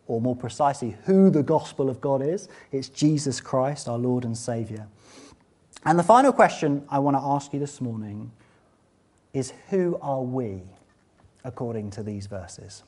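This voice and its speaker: A man preaching a sermon, swinging between loud, fervent exclamations and quiet, conversational asides. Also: medium pitch, lively intonation, moderate pace. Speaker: pastor.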